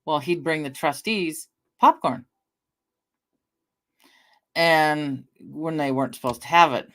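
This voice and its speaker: A woman's voice: low-pitched, fairly even intonation, takes it slowly, fairly bright tone. A middle-aged woman from the American Northwest, chatting casually on a livestream. She rambles through anecdotes, swears casually and answers her chat.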